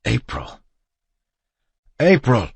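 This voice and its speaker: A man voicing a frantic young husband who shouts and pleads with his frightened wife, in an audiobook. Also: fairly low pitch, expressive, slow, slightly rough, no echo, voice pushed up, exaggerated voice.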